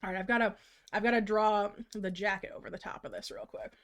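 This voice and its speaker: A woman streamer chatting casually while she draws, bubbly and quick to laugh. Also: mid-range voice, steady tone, fairly bright tone. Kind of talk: casual livestream chat.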